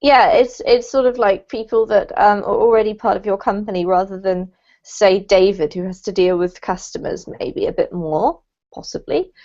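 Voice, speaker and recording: A woman's voice: mid-range voice, steady tone, normal speed, a little mellow. A woman teaching an online English conversation class, upbeat and coaching, laughing often as she guides students. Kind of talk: friendly online class hosting. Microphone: video call. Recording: muffled lo-fi call audio.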